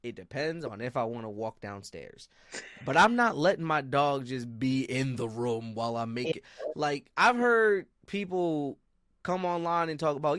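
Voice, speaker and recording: A man co-hosting a podcast in casual chat, with a Baltimore accent, swearing freely and breaking into high excited yelps when he retells a story. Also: moderate pace, clean tone, no room sound, clean studio sound. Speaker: podcast co-host.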